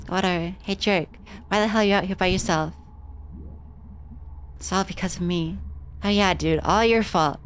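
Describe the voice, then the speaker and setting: Casual, low-voiced woman streamer. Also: a little hiss or hum. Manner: casual, swearing freely. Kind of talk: reading game dialogue aloud on a livestream.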